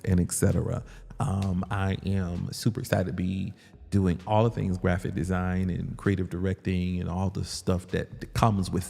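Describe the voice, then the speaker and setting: A man hosting a casual live stream, greeting the chat and talking about his ministry and business in relaxed slang. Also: deep voice, creaky, in a large hall. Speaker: livestream host, ministry leader.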